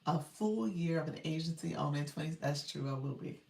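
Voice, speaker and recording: Middle-aged lady coach chatting on a live, deep-ish voice, sounds far from the mic in an echoey room. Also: brisk, gravelly, darkish tone. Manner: chatty, laughs often, reads viewer comments aloud. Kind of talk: casual live-stream chat. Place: room at home, child heard in background. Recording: roomy livestream audio from off-mic.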